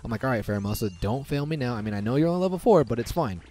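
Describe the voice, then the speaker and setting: A young man giving casual, excitable commentary over his own gameplay, reacting loudly to lucky and unlucky rolls. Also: mid-range voice, very fast. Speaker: gaming commentator. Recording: faint background music.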